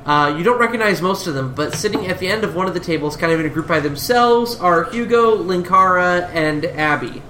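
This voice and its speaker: A man's voice: high voice, fairly quick, hardly any pauses, roomy sound, noisy background. A man narrating as game master of a tabletop game, rambling with many restarts.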